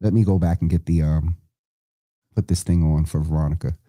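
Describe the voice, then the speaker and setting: A man with a low, mellow voice hosts a live online show from a dry, close-miked room. He runs through announcements in a casual, rambling way, often stopping mid-sentence to fix what he just said. He speaks straight to his viewers, calling some of them by name. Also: steady tone, fairly quick, no room sound. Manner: chatty and rambling, self-correcting, talks to viewers by name.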